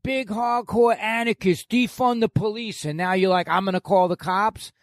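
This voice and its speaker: A man's voice: high-pitched, steady tone, normal speed, no room sound, clean studio sound. A man, telling stories as a guest in an aggressive, profane, boastful way. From New York. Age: 60s. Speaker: podcast guest. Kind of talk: profane storytelling in an interview.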